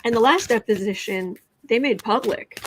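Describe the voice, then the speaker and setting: A woman's voice: a little high, moderate pace, slight background noise. An American woman hosting a casual tarot livestream, reading viewer comments aloud and sometimes dropping to a whisper. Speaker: tarot reader and livestream host.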